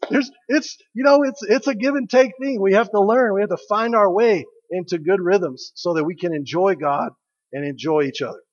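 Joking pastor preaching in a hall. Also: male voice, high-pitched, normal speed. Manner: conversational and joking, asks the congregation questions. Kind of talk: sermon. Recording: dull audio with long hall reverb.

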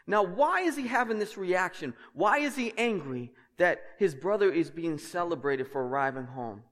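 A male pastor delivers a sermon with passion, pushing his emphasis higher and louder, then dropping into easy asides with the congregation. His voice sits a little high for a man. The sound rings with the long reverb of a church hall. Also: animated, normal speed. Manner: passionate, emphatic preaching that climbs in pitch and volume.

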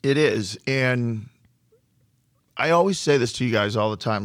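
A man who runs a flooring business tells work stories in a relaxed conversation, often repeating a word while he gathers his thoughts. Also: medium pitch, unhurried, long pauses, no echo, studio quality. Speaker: flooring contractor. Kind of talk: storytelling in a podcast conversation.

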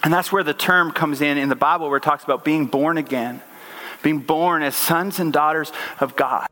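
A man's voice: on the high side, steady tone, moderate pace, sharp tone. A man in his thirties preaching a conversational sermon, earnest and full of restarts and rhetorical questions.

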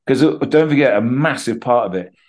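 A middle-aged Englishman talking casually as a podcast guest, telling animated stories and acting out quotes. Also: mid-range voice, brisk. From England. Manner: chatty, animated storytelling with acted-out quotes. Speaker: guest actor.

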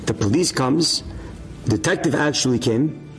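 A man's voice: mid-range voice, unhurried, soft background music. A man telling an inspirational religious story as a sermon, acting out the voices of its characters. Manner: animated, acts out dialogue of the story's characters.

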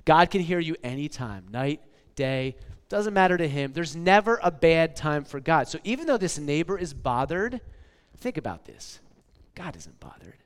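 A man's voice: a little high, very animated, normal speed, clean tone. A man in his forties preaching a casual, conversational sermon, often checking in with "okay?" and "like.". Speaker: pastor. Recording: long hall reverb.

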